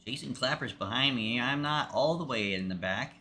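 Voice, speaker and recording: Sharp-toned man rambling through racing commentary. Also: medium pitch, lively intonation, slight background noise. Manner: rambling, halting restarts; jokey, talks to himself and chat. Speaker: streamer. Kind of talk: casual gameplay commentary.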